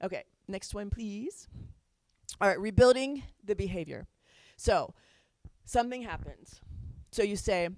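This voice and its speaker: A woman's voice: mid-range voice, animated, measured pace, darkish tone, no room sound. A woman counselor giving a chatty talk on parenting to an audience, laughing often as she makes her points.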